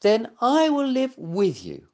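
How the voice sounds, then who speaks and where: A small, eager toy puppy from a storybook, voiced by a man. He squeaks his lines high and bright, pleading and excited by turns, slowing down to beg. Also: exaggerated voice.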